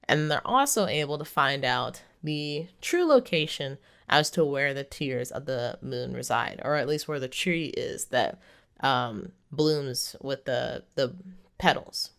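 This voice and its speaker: A movie reviewer walks through a plot in a loose, chatty way, with plenty of ums and likes and little chuckles. The voice is smooth and clear, sitting at an ordinary middle pitch. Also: lively intonation, unhurried, fairly bright tone. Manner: rambling, lots of fillers, chuckles often. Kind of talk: casual plot recap.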